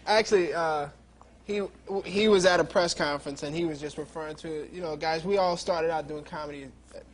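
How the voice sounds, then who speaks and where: A man's voice: on the high side, steady tone, brisk. A man being interviewed as a comedian guest on a talk show, talking in a loose, easygoing way and laughing often. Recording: live studio with audience noise. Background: live studio audience laughter.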